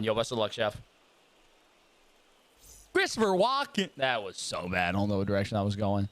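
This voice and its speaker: A gaming streamer plays a baseball video game live, chatting casually and joking around with silly voice impressions and repeated lines. His medium-pitched voice is very animated, a bit bright, and comes at a normal speed. There's no room sound.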